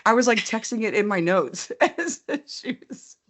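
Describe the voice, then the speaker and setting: A middle-aged woman co-hosting a podcast, telling stories in a lively casual chat and laughing often. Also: medium pitch, moderate pace. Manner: animated storyteller, laughs often. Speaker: podcast co-host.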